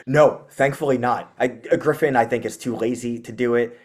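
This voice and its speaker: A man, a guest musician, chatting casually in an interview, rambling with lots of fillers and animated retellings. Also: mid-range voice, normal speed.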